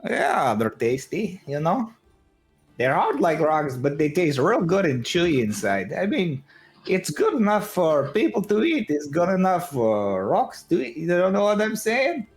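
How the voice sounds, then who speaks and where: A man's voice: high-pitched, huge pitch swings, measured pace, soft background music, pitched above the performer's own voice, exaggerated voice. A man voicing a cheerful, teasing miner who keeps tacking "eh" onto his lines. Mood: chummy. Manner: breezy, teasing, chummy. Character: cheerful male miner who jokes and says "eh".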